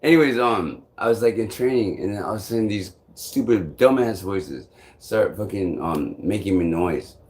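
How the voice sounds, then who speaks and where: A man with a somewhat low voice talks straight to his vlog audience. He rambles through a personal story, loops back on himself with "I'm like," swears casually and chuckles along the way. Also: normal speed, a little mellow. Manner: meandering, repeats "I'm like", swears freely, chuckles often. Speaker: vlogger.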